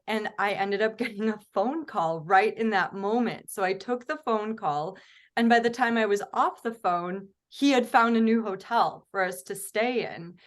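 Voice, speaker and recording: A woman co-hosting a podcast, telling a story in relaxed casual chat, saying "like" often. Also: mid-range voice, clean tone. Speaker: podcast co-host.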